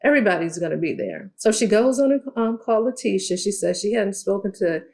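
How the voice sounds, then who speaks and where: A sassy young woman gives a casual, animated recap of a TV episode. She calls her listeners "child" and "y'all". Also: mid-range voice, a little fast. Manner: sassy, animated storytelling with playful quoted voices. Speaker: TV recap vlogger.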